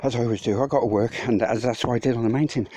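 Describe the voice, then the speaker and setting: A man's voice: medium pitch, rapid-fire, dark tone. A man vlogging casually outdoors while hauling loads uphill, rambling and swearing freely as he talks to his viewers, out of breath. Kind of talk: casual walking vlog. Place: outdoors on a mountain path. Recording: noisy outdoor phone recording.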